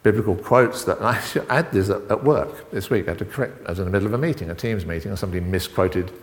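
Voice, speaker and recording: A middle-aged man preaching an informal sermon, halting and full of restarts and asides as he talks with the congregation. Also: fairly low pitch. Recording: long reverb in a hall.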